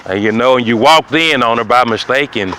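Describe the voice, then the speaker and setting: A man hosting his own show, delivering a rambling comic monologue in a preachy, repetitive way that swings from loud to muttering. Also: medium pitch, brisk, a little hiss or hum. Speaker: show host.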